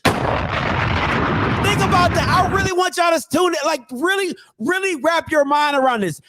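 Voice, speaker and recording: A man hosting a sports commentary show, talking in a joking, animated way and repeating phrases for emphasis. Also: very high-pitched, normal speed, heavy background noise. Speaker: show host.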